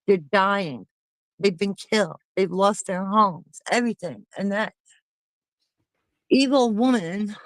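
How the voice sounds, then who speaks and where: A woman's voice: mid-range voice, clean tone, no room sound, rough recording. A woman hosting a casual chat with friends, talking in an indignant, emphatic way.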